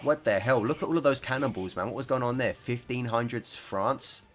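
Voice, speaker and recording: A man's voice: medium pitch, a little fast, fairly bright tone. A man giving casual, rambling commentary over his own gameplay, joking and laughing as he talks. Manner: rambling, jokey, laughs often. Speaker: gaming YouTuber.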